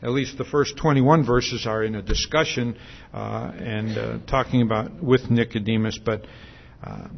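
Slow, conversational male preacher. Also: medium pitch, gravelly, dull audio, a little hiss or hum. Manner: conversational, with many fillers and restarts; asks the congregation questions. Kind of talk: sermon.

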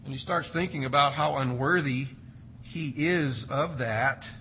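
A man's voice: mid-range voice, unhurried, pushed and bright, slight background noise, rough recording. A man preaching an expository sermon, reading scripture and explaining it with emphatic, varied delivery. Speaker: pastor.

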